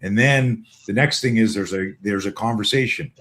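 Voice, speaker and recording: A man's voice: on the low side, normal speed, fairly bright tone. A man with a Canadian American accent, talking casually as a co-host, emphatic and full of restarts. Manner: rambling, emphatic, many restarts. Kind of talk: casual video call conversation.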